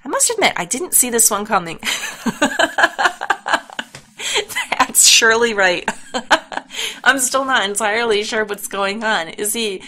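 A young American woman giving casual let's play commentary, chatty and thinking out loud with amusement. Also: on the high side, lively intonation, fairly quick, few pauses. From United States.

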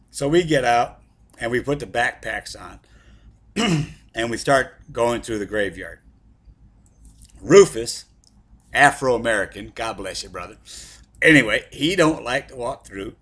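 A man's voice: mid-range voice, fairly bright tone, slightly rough. A middle-aged man telling a comic story about his past in a rambling, profane way, full of asides.

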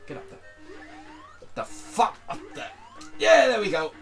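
A man giving casual, joking gaming commentary, animated and swearing often. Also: high voice, a little slow, soft background music. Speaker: let's play co-host.

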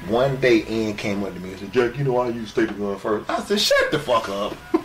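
A man telling a profane wrestling-locker-room anecdote, animated and swearing freely. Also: on the low side, fast talker, slight background noise. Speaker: former wrestler. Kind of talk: storytelling anecdote.

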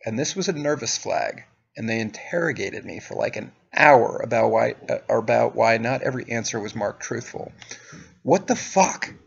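A young man recounts a story to camera in a casual, profane, sardonic tone. His voice is gravelly and husky. The recording sounds dull and lo-fi. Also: medium pitch, normal speed, few pauses. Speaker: vlogger.

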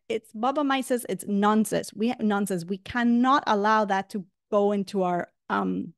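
A woman teaching a religious class, lively and chatty, often checking in with "right?". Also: mid-range voice, unhurried, vocal fry, dry recording, studio quality. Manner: animated, many rhetorical "right?" asides. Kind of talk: religious lesson.

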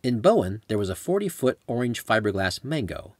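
A man's voice: mid-range voice, very animated, brisk, darkish tone, no echo. A man narrating his own travel memoir as an audiobook, in a conversational storytelling manner. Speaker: author and narrator.

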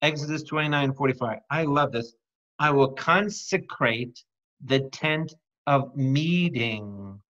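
A man's voice: mid-range voice, takes it slowly, a bit bright. Playful man preaching a Bible study. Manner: calls out to the audience with repeated questions; playful, jokes and breaks into song. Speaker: priest teaching a Bible study. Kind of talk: lively Bible study teaching. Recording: dull lo-fi recording.

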